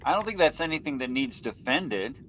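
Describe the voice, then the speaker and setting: A man on a live-stream panel who explains his points in a measured way, with light teasing. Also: medium pitch, sing-song, fairly bright tone.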